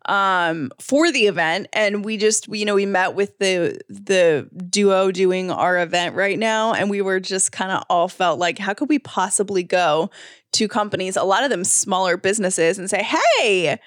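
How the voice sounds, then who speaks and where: A woman co-hosting a casual podcast chat, wry and matter-of-fact, brushing things off with a dry edge. Her pitch is an everyday middle, and the sound is close and dry. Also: moderate pace, no echo. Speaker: podcast co-host.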